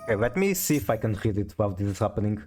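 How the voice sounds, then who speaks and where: This fairly low male voice races along with big pitch swings and a slightly mellow quality, faint music playing behind him. While playing a card game on a live stream, he chats casually, reads viewer messages aloud, and frequently stumbles when restarting his sentences.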